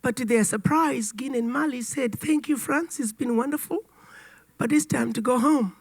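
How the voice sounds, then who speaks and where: A woman ambassador giving a formal speech, hoarse and raspy as she gets over a cold, telling history with emphatic storytelling. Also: high voice, moderate pace. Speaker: ambassador giving a keynote address.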